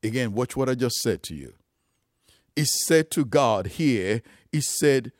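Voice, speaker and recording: A man's voice: mid-range voice, expressive, a little slow, no echo, clean studio sound. A man preaching a sermon, emphatic and rising and falling for emphasis, calling his listeners loved ones.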